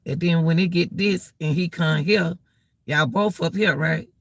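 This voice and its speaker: A woman's voice: on the low side, measured pace, dry recording. A woman giving relationship advice to her viewers, in a preachy, repetitive way. She drawls her key words and keeps calling her listeners "y'all.". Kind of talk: casual advice talk to viewers. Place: outdoors in the cold.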